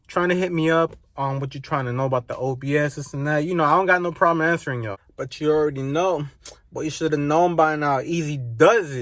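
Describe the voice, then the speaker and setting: Young male vlogger, animated slangy rant outdoors, mid-range voice, casual energy. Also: mid-range voice, no room sound. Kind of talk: casual ranting vlog. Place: outdoors by his truck.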